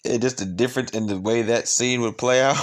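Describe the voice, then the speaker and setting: A man giving loose, slangy reaction commentary. His voice sits at a medium pitch. He talks casually and throws in laughing asides. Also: fairly even intonation, normal speed. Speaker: commentary host.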